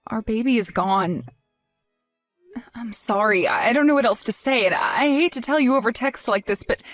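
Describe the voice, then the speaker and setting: A woman's voice: a little high, close to an everyday voice. A woman voicing a grieving young wife in a text-message drama, talking in a pleading, indignant way. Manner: tearful, pleading, rising to indignant.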